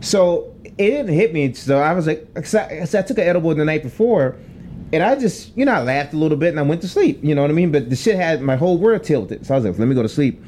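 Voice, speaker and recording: A man's voice: fairly high pitch, fast, a little hiss or hum. A young man, a podcast co-host, telling a long profane story in casual chat and acting out the voices in it. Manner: animated, profane storytelling with acted-out quotes.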